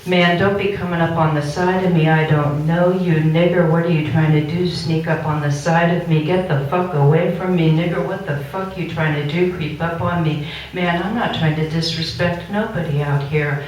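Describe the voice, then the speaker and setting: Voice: mid-range voice, fairly even intonation, moderate pace, lo-fi sound, slight background noise. Poet for a live gallery reading of found transcript text; recited, performance-style delivery, captured from a distance with strong room echo. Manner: recites found speech and court record text aloud. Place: art gallery, indoors. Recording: very echoey room recorded from far off.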